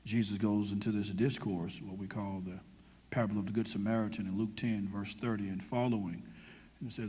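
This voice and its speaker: Husky, dark-voiced pastor retelling scripture. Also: male voice, on the low side, moderate pace, in a large hall. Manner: lively storytelling, retells scripture in slang. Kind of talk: panel discussion.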